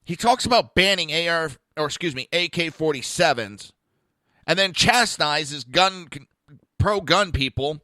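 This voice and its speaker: A man's voice: a little high, lively intonation, measured pace, sharp tone, no echo, clean studio sound. A middle-aged man hosting a podcast, ranting bluntly with profanity and mocking asides. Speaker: podcast host. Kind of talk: ranting political commentary.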